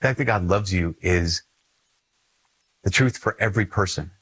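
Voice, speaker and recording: Speaking at normal speed in a deep, husky, slightly bright voice, a Minnesota-born Catholic priest with a matching accent talks casually and earnestly about faith. He repeats phrases to stress them; the low-quality recording has no echo.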